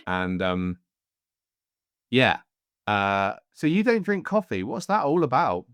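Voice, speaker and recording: A man's voice: mid-range voice, very animated, takes it slowly, a bit bright, smooth, dry recording. A man hosting a podcast in casual chat, rambling and jokey, often slipping into voices while telling stories, recorded close on a studio mic. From Devon, England. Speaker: podcast host. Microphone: headphones and studio mic.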